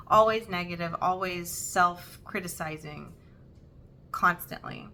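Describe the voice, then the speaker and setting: A young woman talks to her viewers in a personal vlog, earnest and halting, often restarting her sentences. Her voice is bright and sits slightly low for a woman. A faint rumble runs underneath. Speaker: Flosstube host. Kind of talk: heartfelt personal vlog talk.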